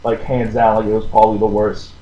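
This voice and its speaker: A man's voice: lowish voice, completely flat delivery, quick pace, warm tone, dull audio, slight background noise. Young man, casual storytelling, rambling, swears a lot, roomy echo. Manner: rambling, laughs often, swears freely. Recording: roomy echo with faint ambience.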